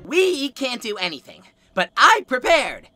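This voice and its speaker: A woman voicing an eager female scientist test tube in a cartoon, chattering fast with old-fashioned exclamations over background music. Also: high voice, big pitch swings. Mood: furious. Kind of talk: cartoon voice acting.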